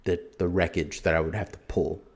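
A man's voice: low voice, little pitch movement, a little fast. A man telling a long story on a casual podcast, rambling and swearing freely, laughing as he goes. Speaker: podcast guest.

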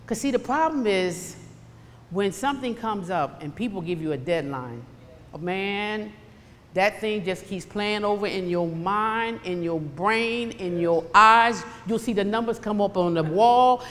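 A woman preaching a sermon, emphatic and animated, swinging between loud bursts and hushed asides. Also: medium pitch, measured pace, big-room sound, a little hiss or hum.

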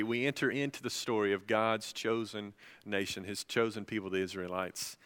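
Male pastor, sermon delivery, bright and resonant tone, passionate rising emphasis, hall reverb. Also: lowish voice, fairly even intonation, normal speed, smooth. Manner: preaching with swells of emphasis, building to loud passionate peaks.

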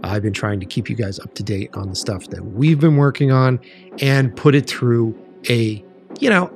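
A man hosting a podcast, talking in a loose, rambling way full of ums and restarts. He sounds tired and slow, like it is an early morning after a late night, with a pitch that sits mid-range. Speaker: podcast host. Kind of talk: casual podcast chat.

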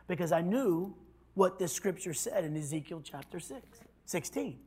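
A man preaching a sermon as pastor, telling a story and swinging from loud declarations to hushed tones. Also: high voice, expressive, moderate pace, slightly rough.

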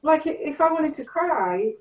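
A middle-aged woman telling stories in a casual chat, animated, acting out what people said. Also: high-pitched, measured pace. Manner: animated storyteller, acts out quotes. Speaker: guest. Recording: distant, roomy, dull sound.

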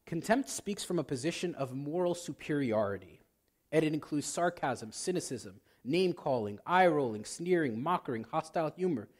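A man's voice: a little high, moderate pace. A man, a priest, preaching a sermon and acting out arguments between spouses. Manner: animated, acts out quarrels in quoted voices.

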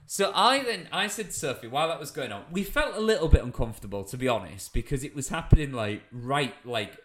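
A man's voice: mid-range voice, animated, a little fast, background noise. A young man on a podcast tells a comic story in a casual way, with lots of fillers and swearing.

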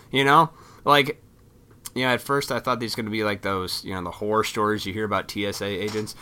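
A man with a low voice that still sounds bright and forceful tells a long, rambling story in a casual way. His talk is loose, full of swearing, and he keeps jumping into other people's lines with lively quoted voices. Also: fast, clean tone. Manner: profane, rambling, animated retelling.

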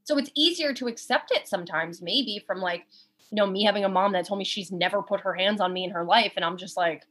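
A woman's voice: mid-range voice, fast talker, fairly bright tone, slightly rough. A young woman in casual conversation, speaking candidly, swearing often and acting out quoted exchanges. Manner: candid, frequent swearing, acts out quoted dialogue. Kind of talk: casual chat.

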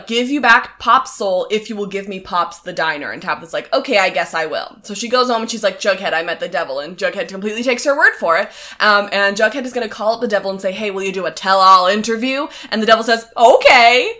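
A woman co-hosting a podcast, casually recapping a show's plot in a quick, chatty way. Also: medium pitch. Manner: quick, chatty plot summary with flat quoted lines. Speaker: podcast co-host.

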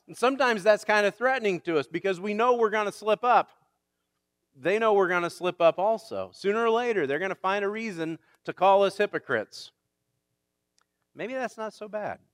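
A man, a pastor, preaching a sermon in a conversational way that builds to emphatic shouts. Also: a little high, no echo.

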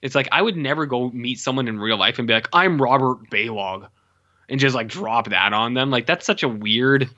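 A man chats about a movie, animated and profane, breaking into goofy voices for the characters. His voice is bright and forceful, and the recording sounds dull and lo-fi. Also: mid-range voice, a little fast, hardly any pauses. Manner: animated, profane, acts out film lines in funny voices. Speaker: podcast co-host. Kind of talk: casual movie chat.

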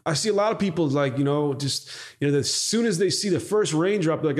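A man's voice: on the high side, brisk, few pauses. A man telling a story in a casual podcast interview, swearing freely and acting out what people said. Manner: animated storyteller, swears freely, acts out quotes. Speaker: podcast guest, company founder.

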